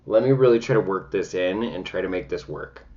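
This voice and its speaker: Man, low voice, dramatic, chatty makeup review, dull recording. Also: fairly quick, warm tone. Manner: chatty and dramatic, sassy exclamations. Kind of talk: casual makeup review vlog. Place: home.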